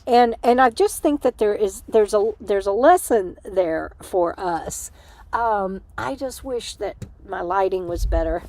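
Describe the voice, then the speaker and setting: A woman's voice: mid-range voice, expressive, a little slow, darkish tone. An older woman, host of a casual livestream, chatting and giggling with many fillers while short on sleep inside an RV. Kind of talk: casual livestream chat reading comments. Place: small room inside an RV.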